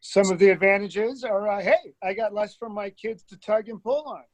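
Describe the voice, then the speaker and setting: A man's voice: high-pitched, normal speed, no echo, low-quality recording. A man taking part in a comedy coaching session, talking easily and agreeably with hesitant fillers. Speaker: comedy student. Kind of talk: casual talk in a coaching session.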